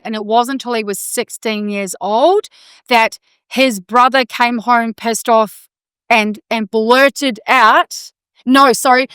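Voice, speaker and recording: A woman's voice: fairly high pitch, fairly bright tone, smooth, dry recording. A woman, co-hosting a casual podcast and telling a moving family story with quoted dialogue. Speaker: podcast co-host.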